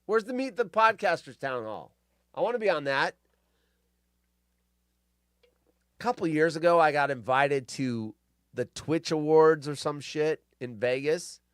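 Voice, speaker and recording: A man's voice: fairly high pitch, lively intonation, unhurried, pauses often, clean tone, no room sound, clean studio sound. A man in his fifties, a podcast host telling stories in a casual, profane rant and mocking people with put-on voices. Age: 50s.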